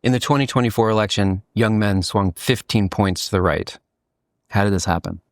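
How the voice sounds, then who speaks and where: Low-voiced man interviewing calmly. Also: normal speed, no echo, studio quality. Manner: calm, questioning. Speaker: podcast host.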